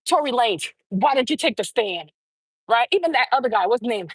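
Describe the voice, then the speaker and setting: A woman's voice: a little high, lively intonation, a little fast, breathy edge, no echo. A woman hosting her own show, giving heated, profane opinion commentary and repeating phrases for emphasis. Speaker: show host.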